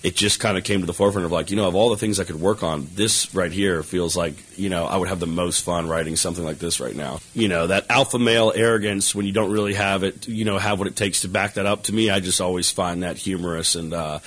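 A man's voice: low-pitched, fast, few pauses, husky, rough recording. A man, an actor and co-writer, giving loose, rambling interview answers full of "you know" and "like". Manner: relaxed, rambling, heavy with fillers like "you know".

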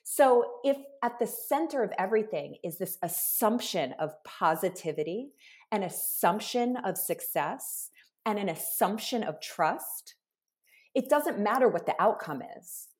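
A woman's voice: mid-range voice, expressive, a little slow. A woman guest in an interview, a business co-founder speaking earnestly and emphatically, building her points in long lists. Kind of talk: heartfelt conversational interview.

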